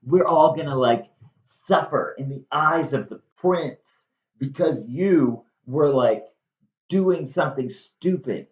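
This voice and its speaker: A man's voice: fairly high pitch, takes it slowly. A man voicing an angry father who scolds his daughter. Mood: scolding. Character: angry father, proud of family name. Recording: dull echoey room recording.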